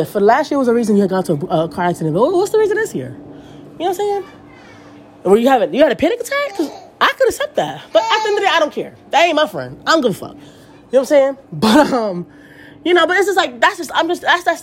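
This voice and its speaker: A woman's voice: sits high, a little hiss or hum. A woman in her thirties, a podcast host, telling a story as a casual, rambling rant and swearing freely. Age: 30s. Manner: animated, profane, rambling storytelling.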